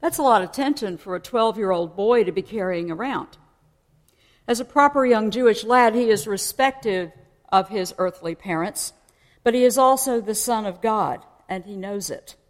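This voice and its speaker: A woman's voice: medium pitch, normal speed. A woman preaching a sermon in a conversational way, explaining and asking her listeners questions. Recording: long hall reverb.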